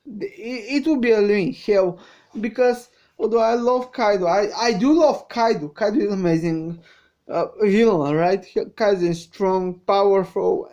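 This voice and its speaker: Crying woman doing a live reaction vid, slow and soft, mellow tone, keeps saying sorry and cussing. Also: medium pitch, highs cut off. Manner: emotional, swearing, apologetic. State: tearful, crying. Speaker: manga reaction streamer. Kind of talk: live reaction to a comic chapter.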